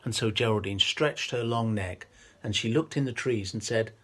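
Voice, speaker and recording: A man's voice: medium pitch, moderate pace, pushed and bright. A man telling a children's story with a lion puppet, in a playful, coaxing way.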